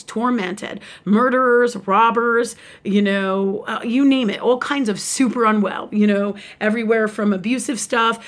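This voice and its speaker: A woman in the middle of a casual live video talk on spiritual matters. She rambles, restarts her sentences and speaks frankly, with casual swearing. Her pitch sits in an ordinary middle range. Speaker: spiritual teacher and shop owner.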